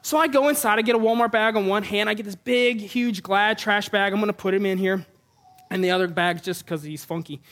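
A man preaching a sermon as a pastor before a congregation, telling a funny personal story with animated, self-mocking humor. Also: high voice, brisk. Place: church before a live congregation.

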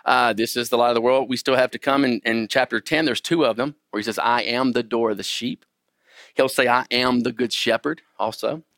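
A man's voice: medium pitch, no echo, studio quality. A man giving an informal Bible lesson, often restarting and checking in with his listeners. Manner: frequent restarts, animated emphasis. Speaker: Bible teacher. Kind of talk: conversational Bible teaching.

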